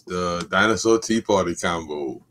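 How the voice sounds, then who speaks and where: A man's voice: low-pitched, moderate pace, fairly bright tone. A man guesting on a casual board game show over a video call, laid-back and thinking aloud.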